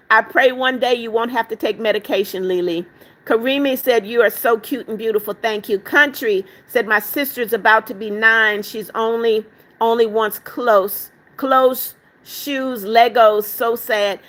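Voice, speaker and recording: Older woman, livestream host, reads chat aloud, affectionate, says darling a lot, clear bright tone. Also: on the high side. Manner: affectionate, calls viewers darling. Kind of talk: reading live chat comments aloud.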